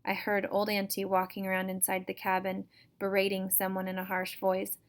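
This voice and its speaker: A woman reading a chapter book aloud to her students, telling a first-person story in a steady, even way. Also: medium pitch, moderate pace.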